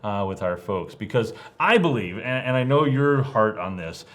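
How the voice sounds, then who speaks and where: A man's voice: on the low side, animated, normal speed. A man co-hosting a ministry podcast, speaking earnestly and reflectively, with many fillers and restarts. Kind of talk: casual podcast discussion.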